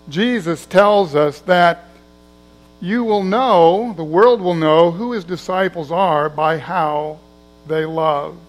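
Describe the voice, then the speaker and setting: A man's voice: high voice, a bit bright, rough recording. A man preaching a sermon in a conversational way, acting out the voices of people in his story. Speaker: pastor.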